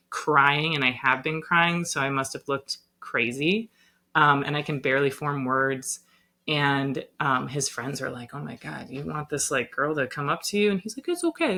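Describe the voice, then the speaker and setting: A young woman, a yoga teacher, telling a personal story in a casual podcast chat, animated and full of "like" and "um". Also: sits low. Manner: animated, lots of "like" and "um".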